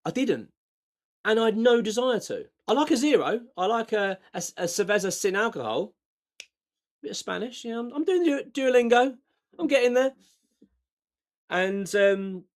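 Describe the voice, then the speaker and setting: A middle-aged man, talking frankly and earnestly to camera, often stumbling and repeating himself. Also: a little high. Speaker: vlogger. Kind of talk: casual talk to camera.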